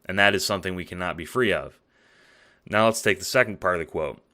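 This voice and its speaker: A low, fast male voice with a pushed, bright edge. He's a video essayist talking through a spoken essay late at night, tired and yawning, keeping it conversational and profane with plenty of fillers and "right?".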